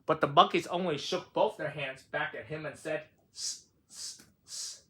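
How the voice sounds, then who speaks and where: A man's voice: fairly high pitch, moderate pace, pushed and bright, breathy edge. A man reading a children's picture book aloud in a sing-song, playful storytelling manner. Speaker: storybook reader.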